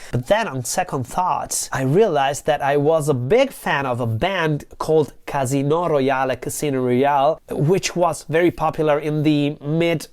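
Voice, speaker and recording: A woman's voice: sits low, darkish tone, clear, resonant tone. A woman in her forties from Italy with a northeastern Italian accent, teaching Italian in a patient, chatty video lesson that drifts into side notes. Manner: chatty, digressive, patient explainer.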